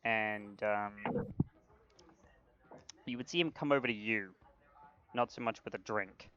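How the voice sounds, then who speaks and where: A man's voice: lowish voice, a little slow, sharp tone, clear, resonant tone, muffled recording. A man narrating a tabletop role-playing game as game master, in a casual way with frequent restarts.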